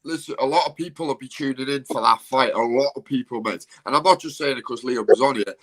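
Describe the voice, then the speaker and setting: A man's voice: medium pitch, fast talker, fairly bright tone. A man, a YouTuber, talking bluntly and swearing in a casual live-stream chat. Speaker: YouTuber and guest.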